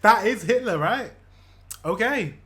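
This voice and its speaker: A British man hosting a reaction video, chatting casually and excitably, now and then swearing and laughing. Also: sits high, a little slow. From Britain.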